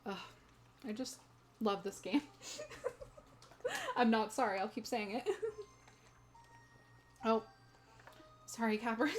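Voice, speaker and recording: A woman's voice: on the high side, very animated, a little slow, long pauses, slight background noise. Giggly young woman streamer. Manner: giggly, chatty, talks to chat. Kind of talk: casual gaming stream chat. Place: home room.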